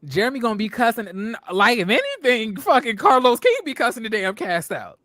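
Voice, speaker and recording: This is a young man hosting a laid-back reality TV review show, and his very high-pitched voice moves briskly. He's animated and profane, laughs a lot, and does voices when quoting people. The recording is studio quality with no room sound.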